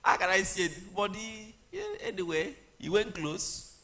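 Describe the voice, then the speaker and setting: A man, retelling a Bible story in a humorous, animated sermon with pidgin asides. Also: sits high, moderate pace, gravelly. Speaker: preacher.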